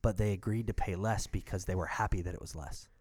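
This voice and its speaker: A man with a low, deep voice tells stories in an animated way, acting out his customers' lines. He sounds like someone who sells phones in a store, chatting casually. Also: fast talker, slightly rough. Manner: animated storytelling, acts out customer quotes. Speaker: retail phone store salesman. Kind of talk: casual conversation.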